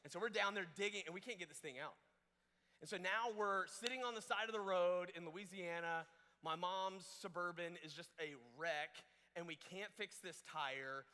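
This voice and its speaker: Young guy preaching at camp, high bright voice, big echoey hall, acts out all the quotes. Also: smooth. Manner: animated, jokey, acts out quotes in different voices. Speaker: camp speaker. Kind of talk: youth sermon storytelling.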